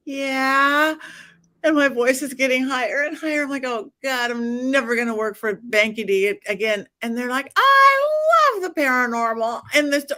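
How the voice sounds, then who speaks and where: A woman's voice: a little high, fairly bright tone. A middle-aged woman, a psychic medium guest, telling stories in a casual interview, acting out dialogue and laughing often.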